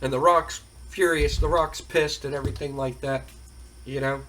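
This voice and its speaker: A man's voice: medium pitch, fairly even intonation, moderate pace, a bit bright, a little hiss or hum. A man hosting and narrating a simulation game in a rambling, colloquial way. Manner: rambling, colloquial storytelling with fillers. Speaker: game host.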